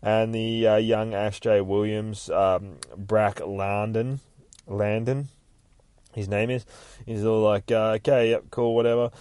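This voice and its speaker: A man's voice: on the low side, flat delivery, slow, darkish tone, clear, resonant tone, dry recording. A man casually recapping a comic book in a rambling, heavily profane way. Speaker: podcast host recapping a comic.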